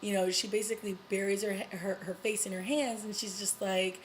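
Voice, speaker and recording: A woman talks through a TV episode like she's catching up with a friend. She is chatty and eager, full of fillers and quick laughs, at an ordinary middle pitch. A faint hiss sits under her voice. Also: rough recording. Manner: chatty and excited, full of you-knows and little laughs. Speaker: TV review vlogger. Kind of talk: casual episode recap.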